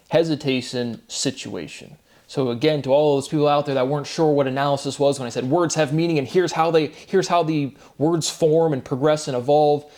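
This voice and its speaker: A man's voice: medium pitch, darkish tone. A man hosting his own channel, talking combatively in a rambling monologue and spelling out words letter by letter. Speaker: channel host. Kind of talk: monologue to camera.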